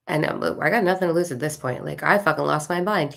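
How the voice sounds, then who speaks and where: A woman's voice: deep voice, quick pace, vocal fry, few pauses. A woman telling a personal spiritual story in a casual way, swearing and acting out the voices of people in it. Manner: animated, swears, acts out voices in her story. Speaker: spiritual content creator.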